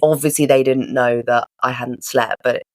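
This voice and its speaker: A woman's voice: extremely low pitch, fairly even intonation, normal speed, dry recording, clean studio sound. A young woman, co-hosting a podcast and telling stories in a rambling, giggly, casual way. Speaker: podcast co-host. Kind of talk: casual chat.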